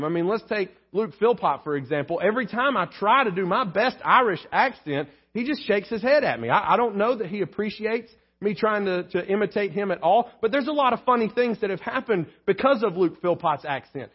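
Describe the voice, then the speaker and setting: High, husky preacher. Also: male voice, highs cut off. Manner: earnest, joking storyteller, repeats words as he goes. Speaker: pastor. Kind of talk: sermon.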